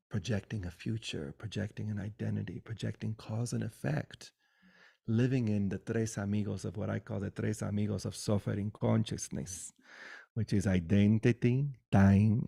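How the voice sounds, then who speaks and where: A man giving a spiritual satsang talk over a video call, soft and unhurried, often dropping to a whisper. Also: lowish voice, vocal fry, breathy edge, no room sound, clean studio sound. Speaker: spiritual teacher.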